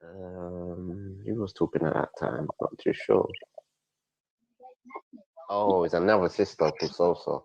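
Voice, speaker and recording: A man's voice: deep voice, fairly even intonation, measured pace, vocal fry, pauses often, darkish tone, no echo, lo-fi sound. A man chatting on a stream, retelling stories while he keeps breaking into laughter. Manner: laughing storyteller. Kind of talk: casual reaction chat.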